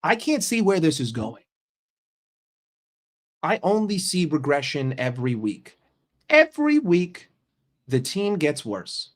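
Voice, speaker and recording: A man's voice: a little high, very animated, takes it slowly, pauses often. Profane, ranting young guy. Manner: profane, mocking and exasperated. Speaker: football vlogger. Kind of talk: ranting vlog.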